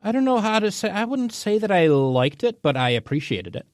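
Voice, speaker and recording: A man's voice: high-pitched, sing-song, brisk, dry recording, clean studio sound. A man in a casual panel chat, speaking hesitantly and often repeating words as he searches for phrasing.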